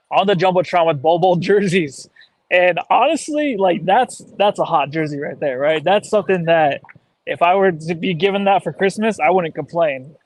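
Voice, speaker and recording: A man's voice: fairly high pitch, dry recording, rough recording. A man co-hosting a casual sports podcast, out of breath, easygoing and chatty. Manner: easygoing, chatty, uses "like" and "dude". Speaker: podcast co-host. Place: outdoors, walking.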